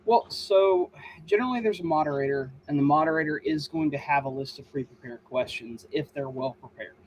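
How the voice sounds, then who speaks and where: Man, author host, casual chat, animated mimicry, slightly high voice, faint background noise. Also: a little fast, low-quality recording.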